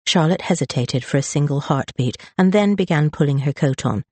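An audiobook narrator reading a story in an expressive, lively way, close on the mic. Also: medium pitch, brisk, hardly any pauses, no echo. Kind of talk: scripted narration.

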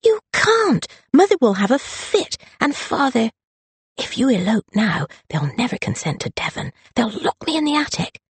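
Stubborn desperate young woman, pitched well up and lively, put on by an audiobook narrator, husky, dry sound. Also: normal speed, hardly any pauses, no room sound. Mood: urgent. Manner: pleading, raised and urgent.

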